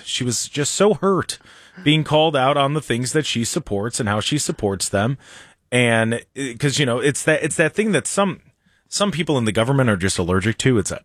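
A male talk-radio host at a mid-pitched voice, joking and rambling through casual banter with lots of restarts and chuckles. He sits at a studio microphone in a dry, close room with no echo.

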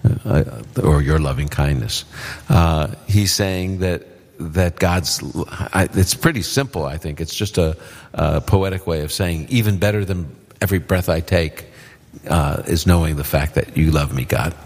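A man's voice: sits low, a little slow, a little mellow, long reverb tail. A man answering live Bible questions on a radio show, plain-spoken and explaining simply. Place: live event with audience.

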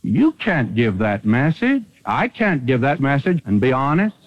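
A man preaching a sermon with dramatic swings from loud declarations to hushed asides. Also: mid-range voice, very animated, measured pace, lo-fi sound.

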